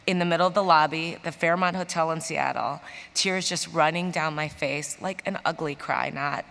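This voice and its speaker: A lower-pitched woman from Chicago tells her stories on a conference stage. She gets animated and acts out the people she quotes. Her voice carries the long reverb of a big hall. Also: moderate pace, creaky. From Chicago, USA. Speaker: interview guest, business executive. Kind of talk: storytelling in a stage interview.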